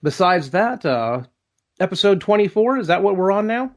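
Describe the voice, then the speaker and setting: A man's voice: high-pitched, very animated, normal speed. A young man hosting a casual podcast, chatty and jokey, often stopping to correct himself. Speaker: podcast host. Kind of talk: casual chat.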